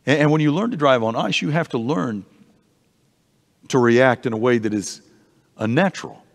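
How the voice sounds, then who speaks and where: An adult Bible study in an echoing church hall is led by a man with a mid-range voice. He keeps it conversational and animated, and he frequently starts his sentences over.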